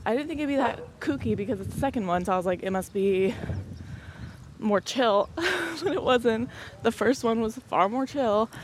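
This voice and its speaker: A woman's voice: a little high, a little fast, background noise. A young woman in her twenties hosting a podcast in a rambling casual chat, laughing often and a bit out of breath. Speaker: podcast host.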